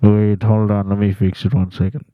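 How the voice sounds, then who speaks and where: A man's voice: fairly low pitch, level tone, normal speed, phone-quality sound. A man hosting a comedy podcast, chatting crudely and laughing between impressions. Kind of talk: casual podcast banter.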